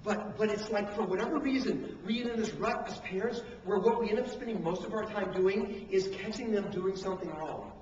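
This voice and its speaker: A man preaching a sermon on parenting, switching between acted-out scolding and hushed emphasis, recorded from a distant camcorder. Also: sits high, brisk, hardly any pauses, a little hiss or hum. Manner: animated preaching, acts out parents and coaches, drops to hushed emphasis. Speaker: pastor. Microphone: handheld camcorder from the room. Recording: echoey hall, distant camcorder mic, dull sound.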